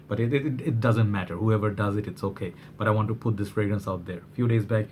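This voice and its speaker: A man from Bangladesh talks through a fragrance review in a loose, rambling way, full of fillers and restarts. His voice sits on the low side and sounds a little worn. There is a faint hum of room ambience behind him. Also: darkish tone. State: slightly worn voice. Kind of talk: casual product review vlog.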